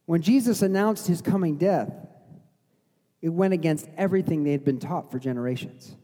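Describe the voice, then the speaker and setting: Middle-aged male pastor, high voice, casual storytelling sermon in a reverberant sanctuary. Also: moderate pace, dark tone. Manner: conversational preaching, acts out voices of the crowd. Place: church sanctuary.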